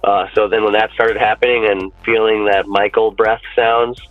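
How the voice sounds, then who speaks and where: A man talks casually as a podcast guest, rambling and animated and swearing freely. His voice is slightly low and very dry, coming through a thin, phone-like line with faint music underneath. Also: normal speed, no echo. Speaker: podcast guest and fan-film actor. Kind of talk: casual chat.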